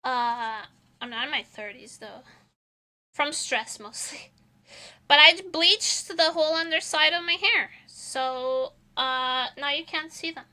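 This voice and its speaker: A woman's voice: high-pitched, slow pace, pushed and bright. A young adult woman streaming, chatting casually in a self-mocking way and swearing freely. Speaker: vtuber streamer.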